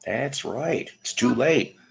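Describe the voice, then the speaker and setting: A man's voice: medium pitch, lively intonation, takes it slowly, gravelly, heavy background noise. A man in his fifties hosting a casual livestream, rambling through jokes and greeting viewers by name as he talks. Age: 50s. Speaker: livestream host.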